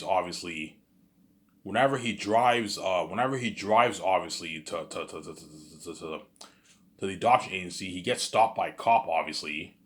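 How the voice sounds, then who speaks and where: Guy with a deep voice rambling through a story, keeps stammering and repeating himself, gets loud and excited sometimes. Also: normal speed. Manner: repetitive and stammering, with constant "you know what I'm saying" fillers; bursts into excited loud asides. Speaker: storyteller pitching a film idea.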